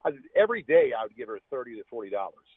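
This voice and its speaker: A man with a husky voice, a podcast guest telling a personal story in a rambling way, restarting his sentences often. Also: mid-range voice, sing-song, very fast, no echo. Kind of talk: casual storytelling. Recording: tinny, phone-like dry sound.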